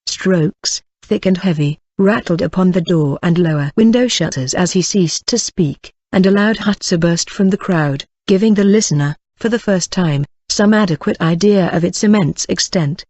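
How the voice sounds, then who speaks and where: An audiobook reader narrating a classic novel in a steady, even way. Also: mid-range voice, moderate pace, few pauses, no room sound.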